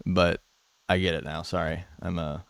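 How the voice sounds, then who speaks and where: A man's voice: low-pitched, level tone, normal speed, vocal fry, no room sound, clean studio sound. A man hosting a live debate stream, talking in a laid-back, casual way with many filler words. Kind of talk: casual chat.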